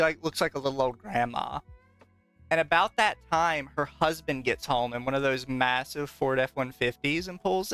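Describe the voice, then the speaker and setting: Smooth-voiced podcast host telling stories. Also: medium pitch, fairly bright tone. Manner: rambling storyteller, laughs often, swears casually. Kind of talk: casual chat with a livestream audience.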